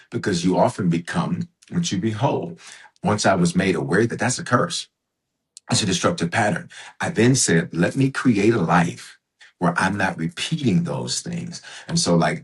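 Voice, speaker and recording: A man, a bishop and author, talking as a podcast guest with a preacher's cadence, emphatic and repeating his phrases. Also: sits low. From United States. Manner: emphatic, repeats phrases, acts out inner voices. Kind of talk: conversational interview with preacher's cadence.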